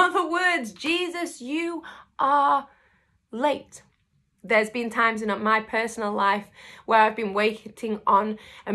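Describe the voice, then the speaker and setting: A woman pastor speaks straight to her listeners in a devotional talk, encouraging and lively as she tells a story. Her voice is bright and forceful, pitched a little high. She leans into quotes and key words with energy.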